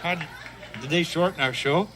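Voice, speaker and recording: An actor playing a groggy, dim Canadian brother in a comedy sketch, with a Canadian accent and a whiny, bewildered manner. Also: male voice, fairly high pitch, fairly quick, crowd noise, lightly acted, poor audio. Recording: loud noise, old TV sketch.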